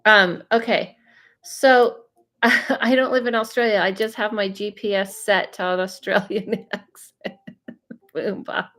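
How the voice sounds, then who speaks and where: A woman's voice: mid-range voice, steady tone, measured pace, fairly bright tone. A woman hosting a casual livestream as a psychic medium, chatting and reading viewer comments with lots of fillers and laughs, a little stuffy from allergies. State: slightly congested from allergies. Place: home, Los Angeles. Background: faint music.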